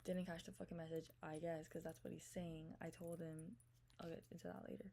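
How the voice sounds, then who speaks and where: A young woman telling a storytime rant to her viewers, animated, swearing freely and acting out what was said. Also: low voice, fairly quick. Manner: animated, swears freely, acts out quoted texts. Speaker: vlogger.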